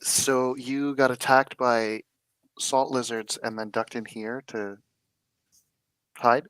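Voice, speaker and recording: A man's voice: mid-range voice, steady tone, slow, fairly bright tone, smooth, dry recording. A man playing a tabletop game, questioning a character with hesitant fillers. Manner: hesitant, many "um"s. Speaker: player. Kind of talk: tabletop game role-play.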